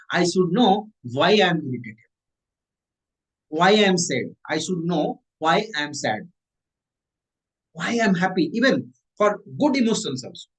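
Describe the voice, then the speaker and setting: A man, a mindset coach giving a motivational talk, repeating and rephrasing his points with animated emphasis. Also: fairly high pitch, low-quality recording.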